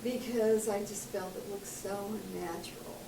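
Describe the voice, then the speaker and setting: A woman student in a painting workshop, giving soft and hesitant answers to her teacher. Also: mid-range voice, fairly even intonation, moderate pace, poor audio.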